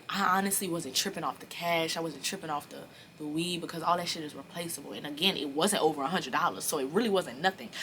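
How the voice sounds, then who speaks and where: Bright-voiced young woman telling a story. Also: fairly low pitch, slight background noise. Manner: animated, profane storytelling that speaks straight to viewers. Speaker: vlogger. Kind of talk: storytime vlog.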